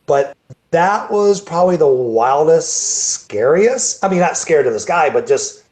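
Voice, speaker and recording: A man's voice: fairly high pitch, lively intonation, a little slow, darkish tone. A man, a bodybuilding show promoter, telling a rambling story over a video call, repeating words and restarting sentences. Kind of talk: casual storytelling interview.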